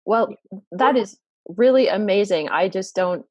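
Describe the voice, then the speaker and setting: A woman's voice: mid-range voice, lively intonation, a little slow, highs cut off. A woman hosts a live online interview, asking questions with friendly appreciation. Her voice sits in a middle range and sounds dry, with no room echo. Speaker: interview host.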